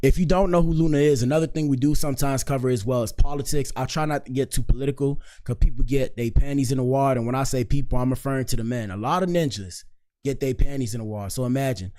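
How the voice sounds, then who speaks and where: A fast-talking man with a mellow, medium-pitched voice runs a casual live-stream commentary show. His style is laid-back slang, heavy on "bro" and "dog."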